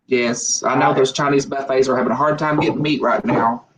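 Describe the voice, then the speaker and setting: A man's voice: mid-range voice, fairly even intonation, a little fast, a bit bright, slight background noise, low-quality recording. A man, chatting casually on a live stream and telling joking stories with frequent laughter. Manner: joking storyteller, laughs often.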